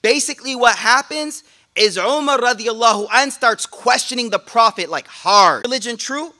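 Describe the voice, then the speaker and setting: High bright-voiced man preaching with energy. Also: normal speed. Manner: energetic, joking, casual street slang. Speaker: sheikh giving a talk. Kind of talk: lively sermon to a class. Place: room with a listening audience.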